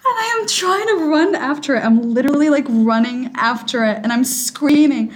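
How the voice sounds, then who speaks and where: A woman's voice: high-pitched, lively intonation, normal speed. A woman hosting a podcast in casual chat, telling a story with lots of laughter and animation.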